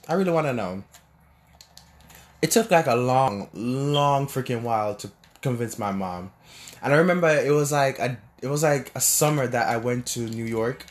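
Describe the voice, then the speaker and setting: A man's voice: mid-range voice, animated, moderate pace. A young man from Jamaica in casual, rambling storytelling, full of restarts and fillers. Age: young adult.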